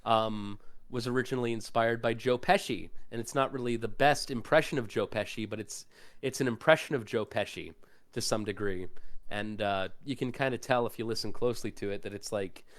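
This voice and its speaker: A man's voice: lowish voice, brisk. Young man, voice actor, casual podcast chat, loose rambling delivery, lots of fillers. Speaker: guest voice actor.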